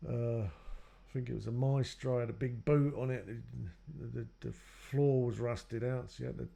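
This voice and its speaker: Gravelly man recounting his past. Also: mid-range voice, steady tone, a little slow, mellow. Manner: rambling, quotes others in his story. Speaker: guest telling his life story. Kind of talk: personal storytelling.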